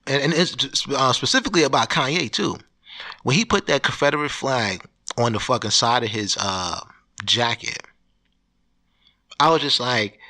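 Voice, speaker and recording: Bright-voiced man ranting on a podcast. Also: mid-range voice, normal speed, pauses often. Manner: profane, rambling, with frequent restarts. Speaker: podcast host. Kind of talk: solo podcast rant.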